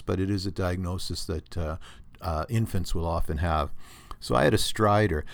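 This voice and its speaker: A man's voice: low-pitched, creaky, no echo. A Canadian man hosting a solo podcast, rambling and opinionated, with many restarts, recorded on a computer at home. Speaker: podcast host. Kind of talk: casual solo podcast monologue. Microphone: computer recording setup.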